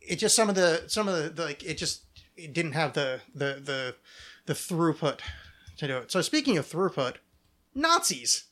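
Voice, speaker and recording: A man's voice: on the high side, fairly bright tone. A man hosting a podcast in casual chat, rambling and restarting his sentences often. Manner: rambling, halting with many restarts. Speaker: podcast host.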